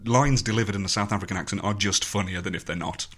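A man's voice: lowish voice, fast, fairly bright tone. A man co-hosting a podcast, giving wry, opinionated takes on films in casual chat. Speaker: podcast co-host. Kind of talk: casual film review chat.

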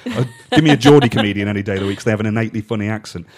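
Fast-talking low-voiced man. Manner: enthusiastic, laughs often while telling anecdotes. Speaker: podcast co-host. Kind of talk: casual film chat.

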